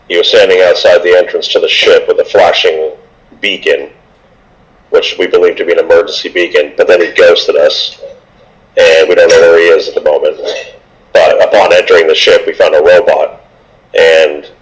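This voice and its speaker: Very deep-voiced man playing a tabletop game. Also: steady tone, moderate pace, long pauses, rough recording. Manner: casual, rambling with fillers. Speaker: player. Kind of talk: tabletop game recap and play.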